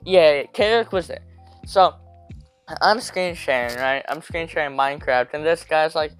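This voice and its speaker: A young man telling a rambling, slangy storytime rant, hopping into quick voices for quotes. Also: fairly high pitch, clean tone, soft background music.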